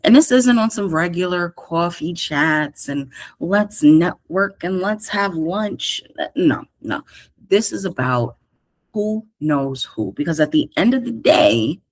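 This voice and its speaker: Low-voiced, lively New York woman. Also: slow pace, no echo. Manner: slangy, animated, talks straight to listeners. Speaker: career coach and podcast host. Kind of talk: casual solo podcast monologue.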